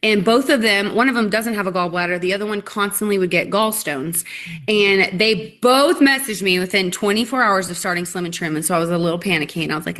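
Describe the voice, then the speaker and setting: A woman's voice: on the low side, a little fast, a bit bright. A woman sharing her customer story on a live call, enthusiastic and rambling, with lots of "like"s. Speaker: guest customer sharing a testimonial. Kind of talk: casual live-call chat.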